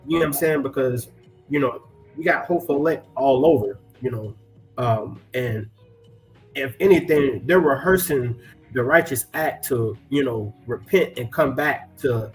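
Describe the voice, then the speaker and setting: A man hosting a reaction commentary, indignant and preachy, mixing loose slang with chuckling asides and scripture readings. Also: mid-range voice. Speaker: commentary channel host.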